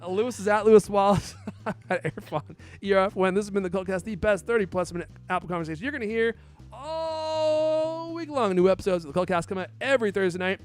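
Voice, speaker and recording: A man's voice: sits high, brisk, faint music behind. Upbeat joking male podcast host. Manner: joking, animated, chatty. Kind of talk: casual podcast chat.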